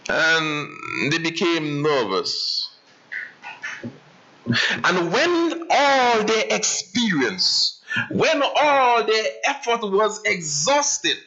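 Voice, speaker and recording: A male pastor preaching a sermon dramatically, swinging from raised passages to hushed ones. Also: high voice, very animated, slow pace, pauses often. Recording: dull lo-fi church livestream.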